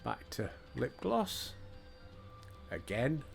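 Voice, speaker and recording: An older Yorkshire man chats over his gameplay, tossing out dry wisecracks. His voice is gravelly and mid-pitched, with soft music playing under it. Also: wildly swooping pitch, extremely slow. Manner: dry, joking asides. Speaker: let's play host. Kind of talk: casual gameplay commentary.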